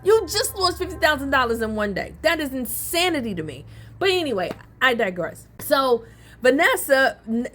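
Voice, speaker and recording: A woman with a slightly high voice runs through a soap opera recap in a loose, chatty way. She stays animated and colloquial, dropping gossipy asides as she talks. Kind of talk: casual recap commentary.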